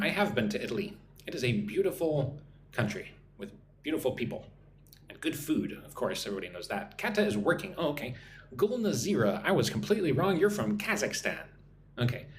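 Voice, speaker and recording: A man's voice: mid-range voice, slight background noise. An American man in his forties, an English teacher hosting a live-stream lesson, chatting casually as he reads viewer comments aloud and answers them. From United States. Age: 40s.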